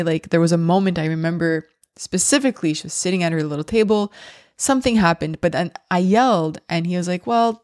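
A woman's voice: fairly low pitch, no room sound, clean studio sound. A woman in her thirties hosting a podcast, speaking candidly and reflectively with frequent ums and restarts. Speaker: podcast host.

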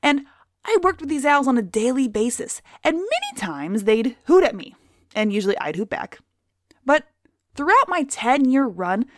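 A woman's voice: on the high side, no echo, studio quality. A woman and former zookeeper giving a crude, sarcastic comedic monologue.

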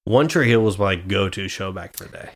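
A young man from Nebraska sits in as a guest on his own podcast. His voice sits low, and he peppers easy storytelling with curses. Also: expressive, a little fast, slightly rough. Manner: swears freely, storytelling with quoted voices. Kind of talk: casual chat.

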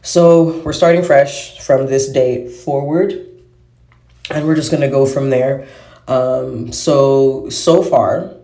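A man talks through a loose, casual podcast monologue, swearing freely and losing his thread before picking it up again. His voice is mellow and warm. The room around him is echoey. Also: medium pitch, steady tone, slow pace. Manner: rambling, swears freely, trails off and restarts. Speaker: podcast host. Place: at home, smoking while recording. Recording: roomy echo.

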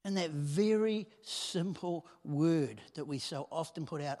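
A man preaching a sermon in a conversational way that swells into loud emphasis. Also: on the high side, animated, measured pace. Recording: long hall reverb.

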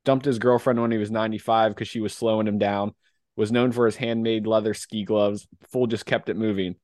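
A man's voice: on the low side, fairly even intonation, a little fast, a little mellow, no room sound, clean studio sound. A man in his twenties co-hosting a casual podcast, joking, laughing easily and rambling. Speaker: podcast co-host.

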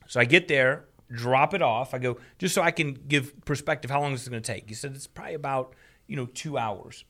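A man casually retelling a frustrating story, animated and profane, laughing as he goes. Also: mid-range voice, a little fast. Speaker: storyteller on a talk show. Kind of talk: casual chat.

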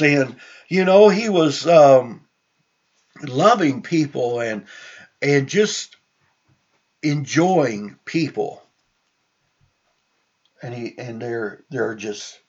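Male preacher, unhurried and husky, reading scripture then musing aloud, on a dull lo-fi recording. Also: medium pitch. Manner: slow, conversational, with frequent restarts and asides.

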